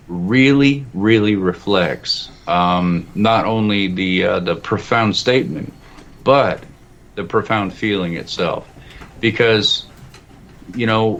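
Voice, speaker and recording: A low-pitched man talking as a roundtable guest, musing philosophically and circling back over his own sentences. The audio is muffled and lo-fi, with a faint hiss behind him. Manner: rambling and philosophical, with many restarts. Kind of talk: roundtable discussion.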